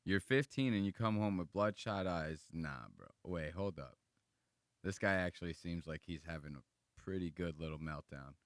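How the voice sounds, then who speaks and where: A man's voice: low voice, moderate pace, no room sound, studio quality. Give me a slangy, profane American man reacting to videos. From United States. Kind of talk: casual reaction commentary.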